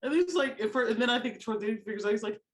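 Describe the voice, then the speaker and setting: A woman's voice: fairly high pitch, expressive, rapid-fire. Laid-back woman guest co-host. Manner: laid-back, chiming in with agreement. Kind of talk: casual podcast chat recapping a soap opera.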